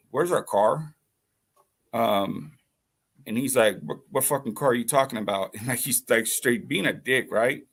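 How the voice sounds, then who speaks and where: Gravelly man telling a rambling story. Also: medium pitch, fairly bright tone. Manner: rambling, profane, full of fillers. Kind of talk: casual storytelling.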